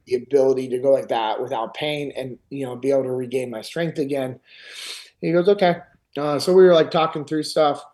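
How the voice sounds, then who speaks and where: A man's voice: medium pitch, fairly quick. Man animatedly retelling a story. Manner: animated retelling, acts out others' lines. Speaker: podcast host. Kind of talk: casual storytelling.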